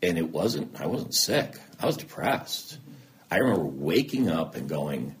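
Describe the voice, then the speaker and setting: Speaking unhurriedly in an extremely low voice with big swings in pitch, this interview guest, a man in his thirties or forties, shares a frank, sincere story from his life. He's self-deprecating and performs the dialogue he recalls, over a faint hiss or hum.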